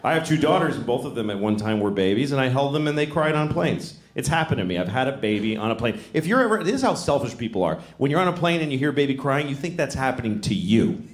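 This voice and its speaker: A man's voice: mid-range voice, sing-song, fast talker, few pauses. A man doing a stand-up comedy set in a comedy club, wry and exasperated, acting out little voices. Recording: roomy club recording with crowd noise. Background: audience laughter.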